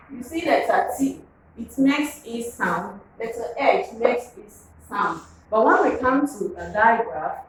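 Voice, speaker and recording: A woman teaching a phonics lesson, drilling words slowly and asking the class to repeat them. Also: a little high, a little hiss or hum. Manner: slow, drilling, repeats words and asks to pronounce. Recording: echoey room, voice from far off.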